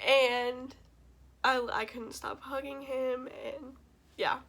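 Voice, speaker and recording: A woman's voice: sits high, flat delivery, slow pace, a bit bright. A young woman vlogger telling a personal story to camera in a casual, gushing way, tearful and full of fillers. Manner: gushing, emotional, many fillers.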